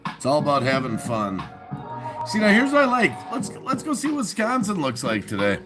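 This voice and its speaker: A man's voice: on the high side, huge pitch swings, moderate pace, over music. A man in his fifties live-streaming from his home garage on a phone, chatting casually, laughing often and answering his viewers' chat. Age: 50s.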